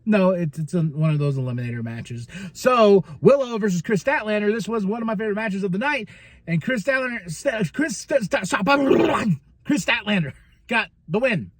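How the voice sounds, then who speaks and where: A man hosting a podcast, recapping wrestling in a casual monologue, laughing often and slipping into quick mock voices when he quotes people. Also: sits high, lively intonation, dry recording. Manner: laughs often, stumbles and restarts.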